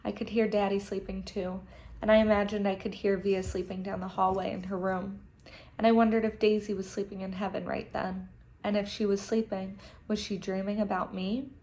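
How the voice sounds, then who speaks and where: A teacher reading a children's novel aloud to her class, gentle and expressive, with emotional asides. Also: medium pitch, moderate pace.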